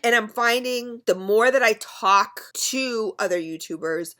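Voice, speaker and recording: A beauty and vape vlogger in her thirties rants unscripted to her webcam at home, blunt and swearing freely. Her voice is on the high side, her pace measured and her tone sharp.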